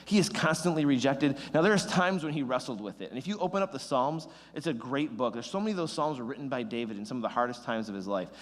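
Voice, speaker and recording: A young man giving a casual, joking youth sermon, chatty and self-deprecating. His voice sits at a middle pitch, and the long reverb of a large hall trails every phrase. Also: fast, few pauses. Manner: rambling, self-deprecating, animated. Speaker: youth pastor.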